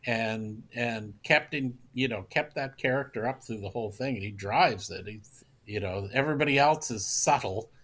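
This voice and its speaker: A man's voice: mid-range voice, moderate pace, a bit bright. A man guesting on a podcast, telling behind-the-scenes stories in an explanatory, storytelling way. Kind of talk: casual chat, anecdotes.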